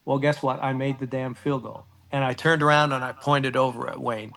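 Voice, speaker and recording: An older man in his sixties spins a long story from his playing days as a guest on a sports interview. His voice sits at an ordinary, mid pitch for a man. He rambles, fills gaps with "uh" and "um", and acts out the back-and-forth of old conversations. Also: fairly even intonation, normal speed, vocal fry, a bit bright. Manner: rambling, many filler words, acts out old dialogue. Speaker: former football kicker, guest.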